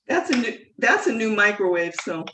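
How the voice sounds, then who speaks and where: A woman teaching a live online cooking class from her kitchen, talking in a chatty, rambling way full of fillers and self-corrections. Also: mid-range voice. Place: home kitchen. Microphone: video call mic at a distance. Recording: echoey kitchen, distant mic, faint noise.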